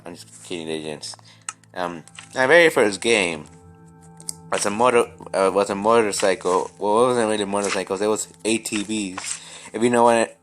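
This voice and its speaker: Young man, lowish voice, rambling gameplay chat, faint music behind. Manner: rambling, many restarts and stammers. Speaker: gaming vlogger. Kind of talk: casual chat while playing.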